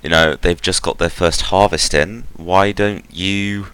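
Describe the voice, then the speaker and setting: A man running a tabletop game with a very deep, bright and clear voice. He narrates in a rambling way, full of fillers. He is recorded close and dry. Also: fairly even intonation, a little slow, no echo. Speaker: game master.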